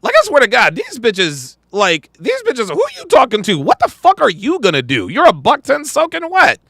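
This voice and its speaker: Emphatic gravelly man ranting. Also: very high voice, huge pitch swings, moderate pace, sharp tone, no room sound. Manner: profane, emphatic, repeats lines. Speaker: podcast host reacting to a clip. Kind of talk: reaction commentary.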